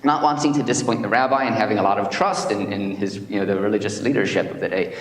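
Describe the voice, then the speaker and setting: A man leading a service, reading prayers slowly and telling a story to the congregation with many hesitant fillers. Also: lowish voice. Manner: slow, measured prayer reading; hesitant fillers when speaking freely. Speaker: minister. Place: chapel hall. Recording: echoey hall.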